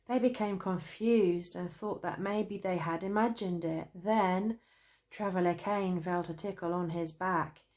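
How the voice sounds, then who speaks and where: A woman with a British accent narrating a children's story, gentle and even. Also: lowish voice. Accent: British English. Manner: slow, gentle, lively voices.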